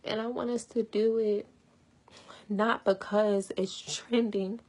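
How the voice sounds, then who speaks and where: A woman's voice: mid-range voice, fairly even intonation, slow pace, a little mellow. A young woman talking passionately and earnestly to her viewers in casual slang. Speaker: vlogger. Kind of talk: emotional personal talk to camera.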